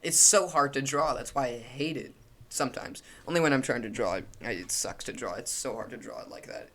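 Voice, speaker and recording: A man's voice: mid-range voice, fairly quick, pushed and bright. A young man giving a casual, opinionated commentary while ranking logos, rambling with frequent restarts and fillers.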